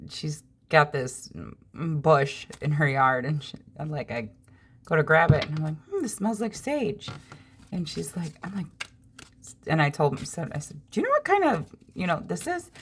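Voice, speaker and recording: A woman's voice: low-pitched, slight background noise. A woman reading tarot cards in a casual vlog, chatting in a rambling way with a dry sense of humor. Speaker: tarot reader.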